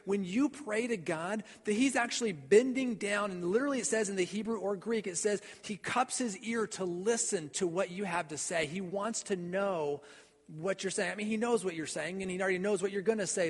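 High-voiced preacher in a reverberant church. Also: male voice, breathy edge. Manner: earnest, repeats and stumbles on words. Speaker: pastor. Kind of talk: sermon. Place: church sanctuary.

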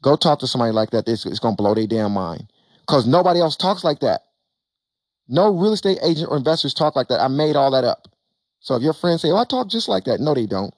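A man speaks at a middle pitch with an emphatic, animated delivery, talking to an audience from a panel. He repeats key phrases and acts out little exchanges. The sound is dry, with almost no room in it. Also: a little fast, dry recording. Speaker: real estate investor speaking on a panel. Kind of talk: motivational stage talk to an audience.

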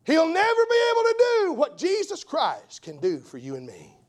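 A fiery male evangelist delivering a sermon in a high voice that leaps and dives all over. He drops to near-whispers, then builds to shouts, hammering key phrases again and again. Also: huge pitch swings, moderate pace. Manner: impassioned, swings from hushed to shouting; repeats phrases for emphasis. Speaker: evangelist preacher.

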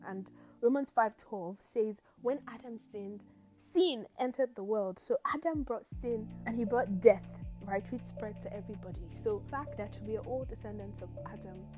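Lively woman podcaster retelling a Bible story. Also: medium pitch, poor audio. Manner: lively storytelling, asks listeners "right?" often. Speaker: podcast host. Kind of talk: casual Bible teaching podcast.

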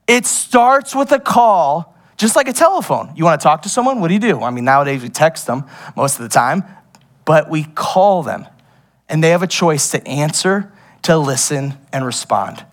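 A young man preaching a sermon as pastor, animated and laughing often, drifting into playful tangents. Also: on the high side, normal speed.

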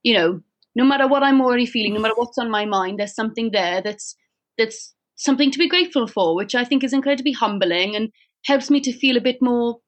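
Talking quickly in a fairly high, natural voice, a young woman describes her week using a playful fake Welsh accent. The casual conversation is sing-song, chatty and wandering.

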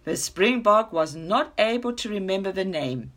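A woman narrating a children's story in an expressive, dramatic read-aloud style. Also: mid-range voice, moderate pace, hardly any pauses. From South Africa.

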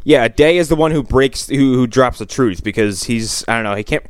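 A man joining a casual movie recap, adding quick asides and correcting details. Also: medium pitch, clear, resonant tone, no echo.

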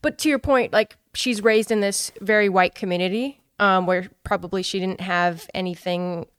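A woman co-hosting a casual podcast, chatty and animated, slipping into voices when she quotes people. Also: mid-range voice, moderate pace, clear, resonant tone, no room sound, studio quality. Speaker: podcast co-host. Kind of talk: casual chat.

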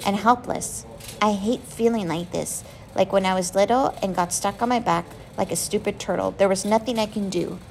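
Gravelly woman reading a novel aloud. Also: medium pitch, moderate pace, a little hiss or hum, low-quality recording. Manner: emotional, expressive reading. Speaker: audiobook reader. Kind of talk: first-person novel narration.

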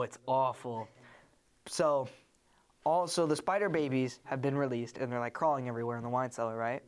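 A young adult podcast host in casual chat, retelling a movie in a rambling way with many fillers and restarts. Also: medium pitch.

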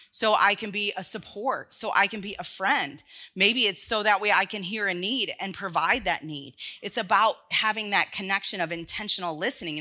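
A woman's voice: medium pitch, bright, forceful tone. A woman preaching an earnest, conversational sermon to a congregation, often restarting her phrases. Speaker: speaker in a church sermon series.

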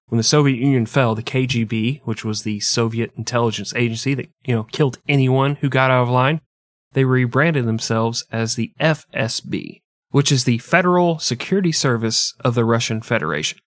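A man's voice: medium pitch, fairly quick, no room sound. A man hosting a comedy history podcast, telling the story in a sarcastic, profane way and laughing often. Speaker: podcast host. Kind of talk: casual comedic history chat.

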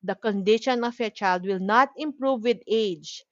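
A woman with a Filipino accent teaches in a steady, explanatory way. She mixes Tagalog with English and keeps checking in with her listeners. The recording is dry and a little dull. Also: mid-range voice, unhurried, no echo. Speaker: child development lecturer. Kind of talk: explanatory lecture.

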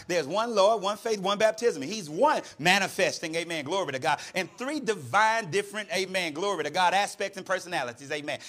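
High-pitched preacher guy, fiery, amen after every line, call and response. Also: a bit bright. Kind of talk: sermon.

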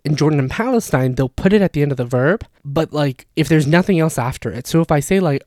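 A man's voice: fairly high pitch, expressive, quick pace, darkish tone, dry recording. Chatty man explaining, dry close sound. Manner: chatty, leans heavily on "like" as filler. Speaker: Arabic dialect explainer. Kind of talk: casual explanatory talk.

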